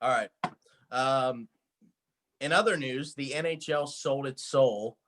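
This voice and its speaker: A young college-aged man co-hosting a casual sports podcast. He tells loose, rambling stories and laughs often, with an easygoing, mid-pitched voice. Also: slow, a bit bright. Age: young adult. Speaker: podcast co-host.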